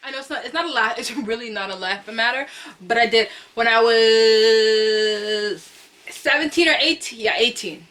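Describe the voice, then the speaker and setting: A woman's voice: a little high, normal speed. A young woman vlogger telling a storytime from home to camera, chatty and slangy, repeating phrases for emphasis. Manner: acts out quotes with loud cries. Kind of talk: storytime vlog.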